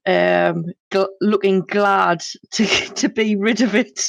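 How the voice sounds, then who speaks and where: A player in a tabletop game, talking in a halting, giggly way. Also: mid-range voice, fairly even intonation, gravelly, no echo. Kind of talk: casual tabletop game chat. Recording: slightly muffled lo-fi mic.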